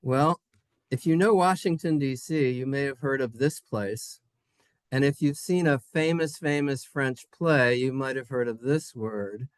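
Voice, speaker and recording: A man teaching a Hebrew class, playful and sing-song, sounding out letters and syllables slowly for his students. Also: mid-range voice, smooth, no echo. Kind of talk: classroom lesson. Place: synagogue classroom.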